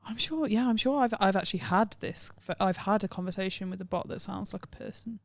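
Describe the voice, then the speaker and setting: A woman's voice: mid-range voice, fast talker, vocal fry. A woman co-hosting a casual podcast, answering in short reactive replies and laughing easily. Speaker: podcast co-host.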